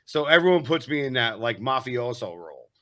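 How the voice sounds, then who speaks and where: Animated East Coast man, bright voice. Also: mid-range voice, brisk. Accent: East Coast American. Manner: animated storyteller who acts out voices. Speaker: podcast host. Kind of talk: casual chat.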